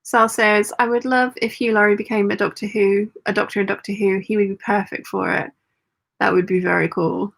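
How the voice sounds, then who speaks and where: A woman's voice: medium pitch, flat delivery, brisk, gravelly. A woman hosting a sewing live stream, reading viewer comments aloud and chatting back casually as she sews. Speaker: sewing channel host.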